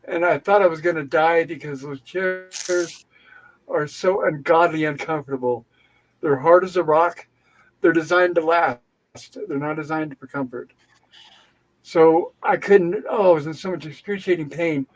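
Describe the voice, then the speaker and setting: A man hosting a livestream, telling a story in a casual, animated and indignant way. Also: fairly high pitch, unhurried, poor audio. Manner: animated, indignant venting with acted-out dialogue. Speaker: livestream host. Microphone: home livestream setup.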